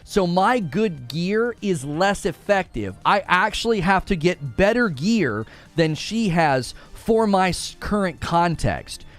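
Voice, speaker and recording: A man's voice: high voice, sing-song, slow pace, few pauses, faint music behind. A man ranting sarcastically in a video commentary about a game, exasperated and mocking. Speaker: gaming commentator.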